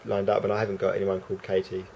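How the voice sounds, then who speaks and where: Man, London accent, gravelly, lowish voice, hesitant, rambling vlog talk. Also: monotone, very fast, darkish tone, slight background noise, rough recording. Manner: rambling, hesitant, heavy on fillers. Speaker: vlogger. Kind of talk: casual unscripted monologue to camera.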